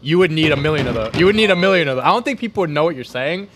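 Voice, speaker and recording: A man's voice: fairly high pitch, lively intonation, very fast, noisy background. A man co-hosting a podcast, chatting casually and laughing along with his partner. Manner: laid-back, laughing along. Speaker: podcast co-host. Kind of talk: casual chat.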